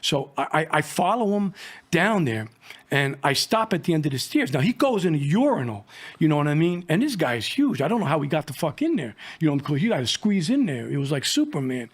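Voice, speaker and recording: A man's voice: on the high side, very animated, brisk, slightly rough. A middle-aged man and former drug agent telling a war story in a rambling, profane, casual way, full of fillers.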